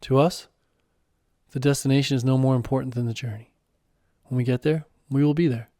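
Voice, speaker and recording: Serene wise guide, unhurried and gently teasing, read by a man, warm low tone, dry sound. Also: fairly even intonation, no room sound, lightly acted. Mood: calm. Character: calm wise male mentor and guide.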